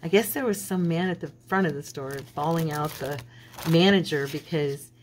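A woman's voice: low-pitched, moderate pace, slight background noise, low-quality recording. A woman hosting a craft channel, chatting and rambling through a story while she works at a home craft table. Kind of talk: casual chat while crafting.

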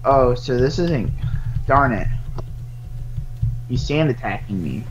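Male gamer, casual teasing banter, animated pitch, dull lo-fi line. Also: slow pace, background noise. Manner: playful, teasing, hums and mutters along. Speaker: gaming streamer. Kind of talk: casual chat while playing a game.

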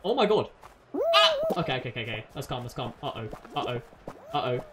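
Woman, excitable gaming commentary, pitch leaping all over, clear background noise. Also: quick pace. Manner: excitable, yelling at other players. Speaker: gaming channel host. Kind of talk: live gameplay commentary.

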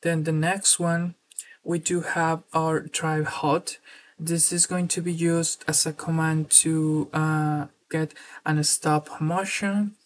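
A woman presenting a screen-recorded software tutorial, explaining steps steadily and filling pauses with "uh". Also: sits low. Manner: steady explanatory walkthrough with filler words.

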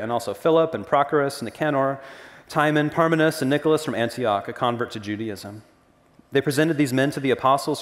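Earnest male pastor in echoing hall. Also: mid-range voice. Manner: earnest, conversational preaching with asides. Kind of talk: sermon. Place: church sanctuary. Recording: long reverb of a church hall.

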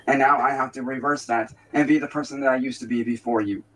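Man in a replayed stream clip, stiff and deliberate, mid-range voice. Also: medium pitch, fairly even intonation, a bit bright, far from the mic, a little hiss or hum, poor audio. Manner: slow, stiff, deliberate declarations.

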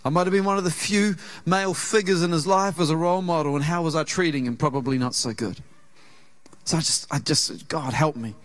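A man with a New Zealand accent preaches from the pulpit in a fairly high voice for a man. He tells a personal story in an earnest, conversational way and slips into the voices of the people in it. His delivery moves between quick storytelling and slower, lower points of emphasis. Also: fairly even intonation. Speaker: pastor. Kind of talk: sermon. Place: church auditorium.

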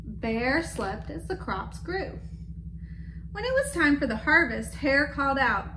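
A woman reading a picture book aloud to children, gentle and stopping to ask them questions. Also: high voice, very animated, takes it slowly, slight background noise. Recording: echoey room with faint background.

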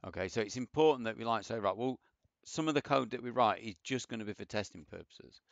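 A man's voice: mid-range voice, fast, vocal fry, no room sound. A man casually thinking aloud through a programming tutorial, rambling and self-deprecating as he types. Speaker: programming teacher. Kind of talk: casual coding tutorial with screen share. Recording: dull, lo-fi dry mic.

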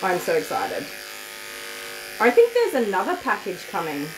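A woman's voice: medium pitch, huge pitch swings, normal speed, noisy background. Gushing, chatty woman groomer. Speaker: dog groomer hosting a livestream. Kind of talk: casual livestream chat. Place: grooming salon.

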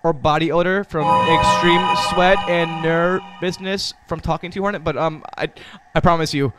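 A young man rambling and yelling crude jokes while streaming a game. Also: on the high side, steady tone, normal speed, music in the background. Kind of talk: gameplay commentary.

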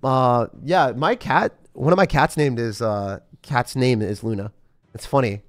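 A young man giving live commentary as he plays a mobile game, thinking aloud and breaking into sudden excited yelps. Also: medium pitch, a little slow. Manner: excitable, talks to himself while playing, sudden yelps. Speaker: game streamer.

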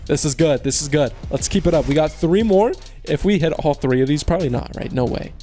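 A man's voice: on the high side, brisk, hardly any pauses, faint music behind. A young man giving casual commentary on opening online cases, groaning at losses and cheering at wins, talking in slang to his viewers. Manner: swings between groaning frustration and loud cheering. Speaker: case-opening video host. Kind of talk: excited gaming commentary.

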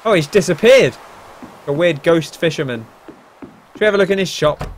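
A man's voice: a little high, expressive, normal speed, a little hiss or hum. A young man casually commenting on a video game as host, chatty with wry asides. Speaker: let's play host.

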